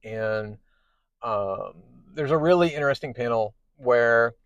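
A man's voice: medium pitch, slow, no room sound, muffled recording. Chatty man recapping comics. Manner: chatty, many fillers and restarts. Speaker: podcast host. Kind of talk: casual comic book recap.

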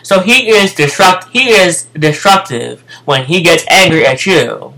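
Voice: mid-range voice, expressive, measured pace, pushed and bright, rough recording. An American speaker telling a casual storytime rant to viewers, profane and emphatic, often repeating phrases. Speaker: vlogger.

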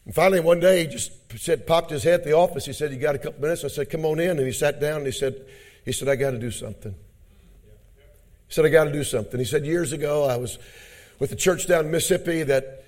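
Fiery preaching man. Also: fast. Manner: storytelling, swings from low and quiet to loud shouted exhortation. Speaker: pastor. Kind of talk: sermon. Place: church conference hall.

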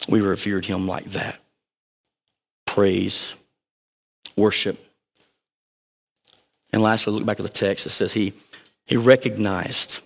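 A man preaching a sermon as a pastor, energetic and conversational, with jokes and asides to the congregation. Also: lowish voice, measured pace, long pauses. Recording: long reverb of a large hall.

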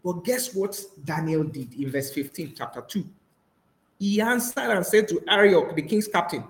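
A male pastor delivers a sermon in a lively storytelling way, acting out the lines of the people in his stories. His voice sits a little high for a man. The recording has a roomy echo. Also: normal speed. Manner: animated storytelling, acts out quoted voices. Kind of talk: sermon over a voice call.

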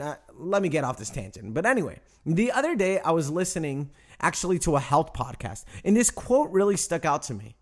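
A young adult male pastor preaching a sermon, emphatic and direct with the congregation, stretching out key phrases slowly. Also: on the high side. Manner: animated preaching, emphatic with slow drawn-out phrases; addresses congregation directly, asks them to respond.

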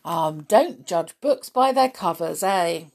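Woman storyteller, unhurried, lively and chatty. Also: on the low side. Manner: gentle, chatty, with soft laughs. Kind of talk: reading a storybook aloud.

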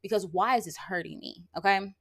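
A woman's voice: medium pitch, brisk, creaky, fairly bright tone. Sassy, emphatic woman podcast host. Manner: sassy, emphatic, peppered with "okay?" and "like". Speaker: lash artist and brow tattooer. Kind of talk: casual monologue. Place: rural area.

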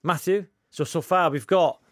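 A man with a slightly high voice, chatting in a relaxed, rambling way on a podcast. The recording is dry and close. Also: normal speed, no echo. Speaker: podcast co-host. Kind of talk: casual chat.

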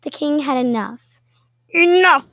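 Slow, playful woman reading a storybook. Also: a little high, no echo, highs cut off. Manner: playful, expressive storytelling with asides. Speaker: storybook reader. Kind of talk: reading a picture book aloud.

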